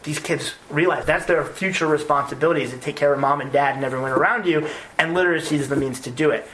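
A man's voice: on the high side, fast, a little hiss or hum, poor audio. A man, a former army officer, tells stories earnestly in an interview and often repeats words as he goes. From United States. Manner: earnest and animated, with frequent word repeats. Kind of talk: conversational storytelling interview.

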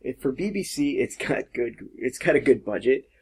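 A man hosts a loose, casual podcast chat with a husky voice. He rambles, swears casually and laughs often. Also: mid-range voice, animated, normal speed. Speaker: podcast host.

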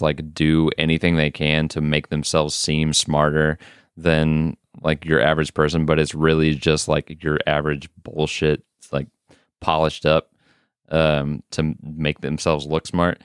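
Deep-voiced man cursing casually. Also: monotone, a little slow, clear, resonant tone, no echo, clean studio sound. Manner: profane, rambling, lots of fillers. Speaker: podcast co-host. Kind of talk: casual recap chat.

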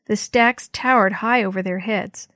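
A woman's voice: mid-range voice, a little slow, a bit bright, no echo. Woman reading a children's book, dry close sound. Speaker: narrator. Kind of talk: children's book read aloud.

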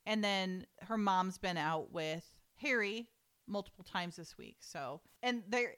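A woman's voice: mid-range voice, unhurried, a bit bright, clean tone. Brief: woman host, chatty recap, reads dialogue aloud with amusement. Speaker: podcast host. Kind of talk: casual chat, reading script lines aloud.

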